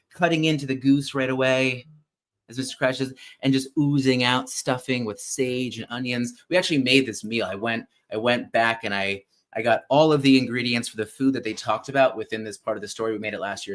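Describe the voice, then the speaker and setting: A man hosting a casual live show, retelling a favorite story in an animated, chatty way with some offhand swearing. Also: medium pitch. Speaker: podcast host.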